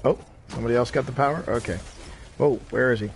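A middle-aged man, tired, talks casually as he streams a game. His voice sits at an ordinary middle pitch. He rambles, repeats his words and reacts aloud to what happens in the match. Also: quick pace, creaky, a little hiss or hum. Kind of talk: casual gameplay chat.

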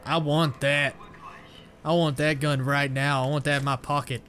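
A man's voice: a little high, level tone, moderate pace, noisy background. A young man casually commenting as he plays a video game, rambling, joking at his own expense and blurting out his frustration. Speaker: gamer playing through a shooter. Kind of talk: casual let's-play commentary. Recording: game music playing behind.

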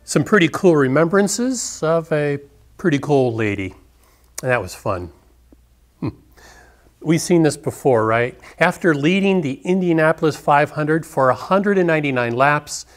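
A man giving a sermon as pastor, telling sports stories in a relaxed, conversational way. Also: on the high side, measured pace. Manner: conversational storytelling preaching.

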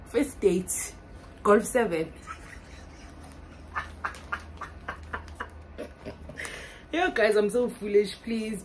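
A young South African woman vlogging casually, excitable and laughing often as she mixes English and Zulu. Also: a little high, a little hiss or hum, poor audio. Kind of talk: casual vlog chat.

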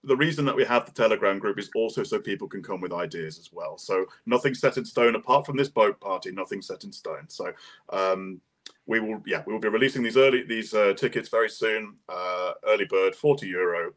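A man's voice: on the low side, animated, brisk. A man explaining event plans in a casual panel chat, rambling with many fillers and restarts. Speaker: event organizer guest.

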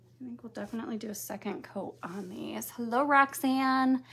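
A woman's voice: on the high side, moderate pace, pushed and bright. Chatty woman hosting a live paint-along. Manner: chatty, greets viewers by name as she paints; clears her throat now and then. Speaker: host of a live craft-painting stream. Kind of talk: live painting tutorial chat.

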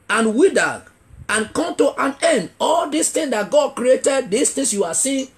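A man's voice: very high-pitched, expressive, a little slow. A man preaching a revival sermon as an evangelist, asking the congregation questions and repeating key phrases for emphasis. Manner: emphatic, builds to shouting.

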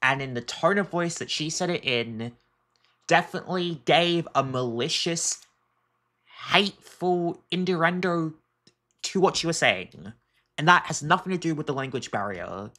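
A woman's voice: deep voice, lively intonation, a little slow, a bit bright. A woman giving earnest, emphatic reaction commentary, often repeating herself as she makes her point. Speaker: reaction streamer.

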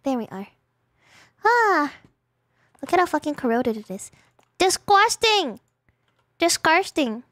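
A woman's voice: high-pitched, very animated, moderate pace, long pauses, a bit bright, no echo. A woman streaming a game in a casual, playful way, chatting with her viewers and breaking into dramatic exclamations. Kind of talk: casual gaming livestream.

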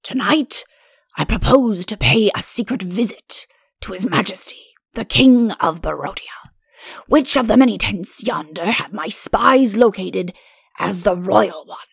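A woman's voice: medium pitch, animated, measured pace, gravelly, slightly rough, dry recording, studio quality, full character voice. A woman voicing a vain, good-natured male king in a storybook reading. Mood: self-important.

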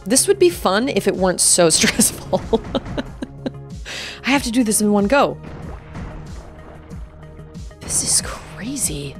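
A woman's voice: mid-range voice, very animated, slow pace, long pauses, soft background music. A young adult woman streaming a video game, chatting casually and reacting with gasps, laughs and squeals. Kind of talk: casual live gameplay commentary.

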